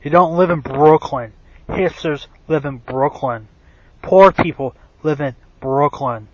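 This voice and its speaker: Slow, profane ranting man. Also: a little high, no room sound, highs cut off. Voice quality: self-described bad voice. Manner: profane, rambling rant with frequent restarts and fillers. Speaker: wrestling commentary vlogger. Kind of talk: ranting monologue.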